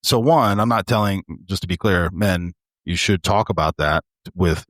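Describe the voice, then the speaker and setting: A man's voice: deep voice, moderate pace, a bit bright, no room sound, studio quality. A man co-hosting a podcast, talking in an earnest, reflective way and calling his listeners bro. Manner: earnest and reflective, speaks to other men as bro. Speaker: podcast co-host. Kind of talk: casual chat.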